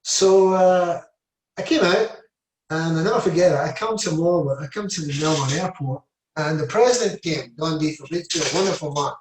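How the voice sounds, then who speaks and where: As a guest in an interview, a Scottish ex-footballer in his seventies shares loose, rambling stories, often slipping in "you know" and "I said". He speaks at a moderate pace in a fairly high voice. A distant mic in an echoey room gives the audio a roomy feel.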